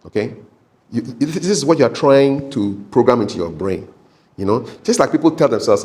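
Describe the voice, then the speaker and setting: A man's voice: mid-range voice, sing-song, fast talker, a little mellow. A man teaching public speaking tips in a casual, repetitive way, often ending points with okay. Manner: repeats words, frequent okay tags, chuckles. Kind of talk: casual talking-head lesson.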